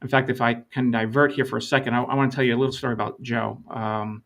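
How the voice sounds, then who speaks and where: A man's voice: medium pitch, level tone, gravelly, fairly bright tone. A middle-aged man, a lean consultant, explaining his approach in an interview and telling stories with quoted dialogue. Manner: measured, storytelling with quoted dialogue.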